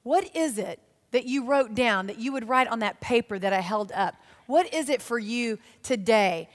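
A woman giving a sermon, telling stories in a lively, self-mocking way. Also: on the high side, normal speed. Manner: animated, self-mocking storytelling. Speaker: church speaker. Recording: long reverb of a large hall.

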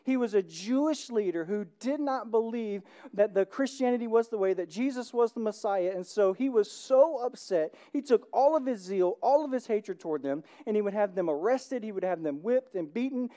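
A preacher delivering a sermon with a relaxed, mellow voice. The talk stays conversational and keeps checking in with the listeners. The energy builds into open excitement. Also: mid-range voice. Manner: conversational, often checks in with the congregation; grows animated and excited. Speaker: pastor.

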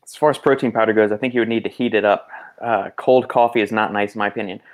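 A man's voice: lowish voice, steady tone, fast. A man hosting a casual podcast chat, rambling with lots of you-knows.

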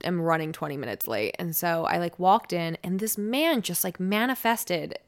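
A woman's voice: on the low side, expressive, moderate pace. A young woman in casual podcast conversation, telling a long-winded story and acting out the people in it. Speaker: podcast guest, radio personality.

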